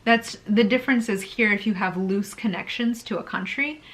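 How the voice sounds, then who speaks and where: A young woman from Brazil talking to camera in a casual sit-down vlog, chatty and animated, breaking into laughs between points. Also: mid-range voice, normal speed. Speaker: YouTuber.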